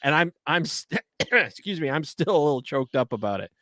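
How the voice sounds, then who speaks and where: A man's voice: on the high side, big pitch swings, fairly quick, bright, forceful tone, no echo. A middle-aged man co-hosting a live talk show, telling stories and teasing his partner in a dry, wry way. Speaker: co-host of a live paintball show. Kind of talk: casual live-stream banter.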